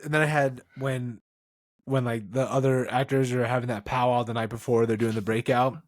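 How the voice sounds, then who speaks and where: A man's voice: mid-range voice, little pitch movement, moderate pace, no echo, studio quality. A man co-hosting a podcast, recapping a comedy film in casual chat and laughing often. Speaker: podcast co-host.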